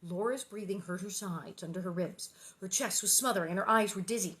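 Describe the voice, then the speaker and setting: A woman's voice: medium pitch, a little fast, a bit bright. A woman chatting casually and reading a children's novel aloud, rambling and playful with many asides.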